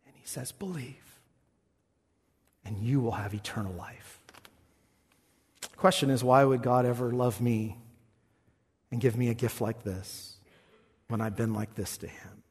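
A man preaching a sermon as pastor, moving from quiet, reflective talk to loud, shouted passages. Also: mid-range voice, breathy edge. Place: church. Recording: long reverb in a church hall.

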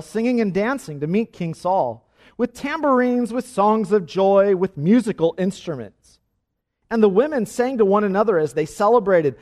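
A man's voice: on the high side, darkish tone. Earnest man reading scripture and preaching. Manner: measured, earnest, with hesitations. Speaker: pastor.

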